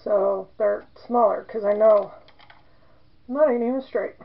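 A woman's voice: mid-range voice, takes it slowly, creaky, muffled recording. A woman in her forties chatting casually as she demonstrates soap making, rambling into joking asides. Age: 40s.

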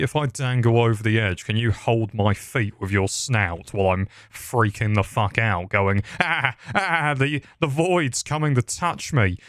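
Young man, low voice, swearing, rambling gameplay commentary. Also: dry recording, studio quality. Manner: crude, rambling dark humor, swears a lot. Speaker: gaming YouTuber. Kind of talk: casual Minecraft commentary.

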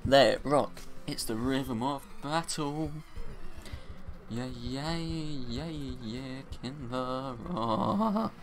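A young man giving casual gameplay commentary, excitable and crying out in high-pitched dismay when things go wrong. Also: very slow, faint music behind. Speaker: let's play gamer.

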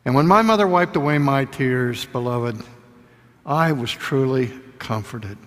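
An older man preaching a sermon, telling stories intimately and sometimes dropping to a soft whisper. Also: medium pitch, unhurried, long reverb tail.

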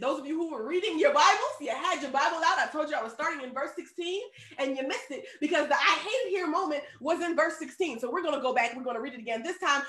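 Animated woman preaching in an echoey church. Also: sits high. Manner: lively, conversational preaching with rising emphasis. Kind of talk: sermon.

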